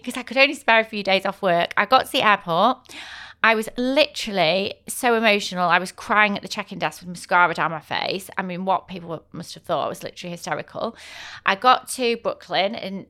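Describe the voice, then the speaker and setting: English woman in her thirties, solo podcast host, crisp and clear, loose storytelling with fillers. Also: mid-range voice, sharp tone. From England. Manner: chatty and candid, many fillers and asides.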